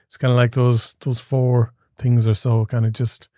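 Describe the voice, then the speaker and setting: A man's voice: medium pitch, flat delivery, normal speed, mellow, no echo, clean studio sound. A man hosting a podcast interview, sharing his own habits plainly and then asking a direct question. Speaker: podcast host. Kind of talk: interview conversation. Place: podcast studio.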